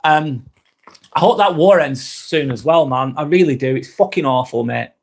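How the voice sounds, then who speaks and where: A man's voice: fairly high pitch, moderate pace, vocal fry. A man with a Northern English accent hosting a casual live vlog from home, blunt and chatty, swearing freely and repeating his points. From England. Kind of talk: casual live-stream talk.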